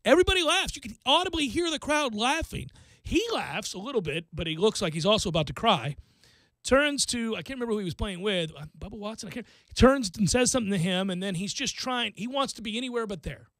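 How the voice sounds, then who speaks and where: A man hosting a sports talk radio show, chatting casually and telling stories with animated jumps in his voice. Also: high voice, quick pace, dry recording. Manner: animated storyteller, voice jumps up when excited.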